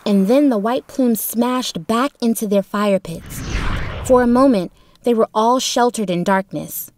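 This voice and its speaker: A woman reading a storybook chapter in a steady, expressive narration. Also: fairly high pitch, unhurried. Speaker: audiobook narrator.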